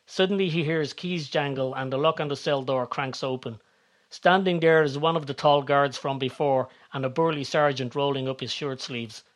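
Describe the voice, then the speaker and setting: A man narrating a story in a steady, descriptive reading voice. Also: mid-range voice, normal speed.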